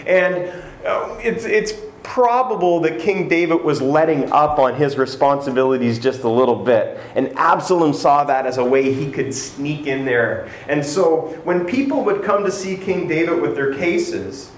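A man's voice: a little high, measured pace. A man preaching a sermon as pastor, telling a story and acting out its quotes, with self-deprecating asides. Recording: echoey room with faint ambience.

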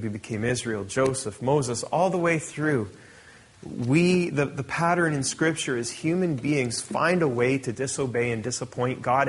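A middle-aged pastor with a husky, mid-range voice preaches a sermon, reading scripture aloud and explaining it conversationally.

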